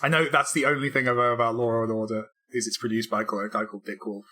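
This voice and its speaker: A man with a bright, forward voice talks loosely on a casual podcast. He rambles, restarts his sentences and pokes fun at himself, with fillers scattered throughout. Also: mid-range voice, little pitch movement, quick pace. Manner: rambling, self-deprecating, many fillers and restarts. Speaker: podcast co-host, game developer. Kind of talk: casual chat.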